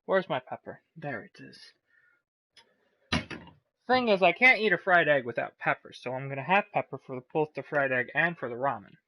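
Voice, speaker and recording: A man's voice: fairly high pitch, expressive, moderate pace, dull audio, slight background noise. A man hosting a casual cooking vlog, rambling and swearing as he talks through each step. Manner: rambling, profane, chatty.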